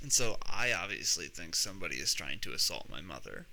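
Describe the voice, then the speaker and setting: A young man rambles through a comic story with a bright, sharp tone and a lively, swinging pitch. He swears freely and stumbles into restarts, piling on fillers. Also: brisk, gravelly, poor audio. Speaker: podcast host. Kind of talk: comedic storytelling monologue.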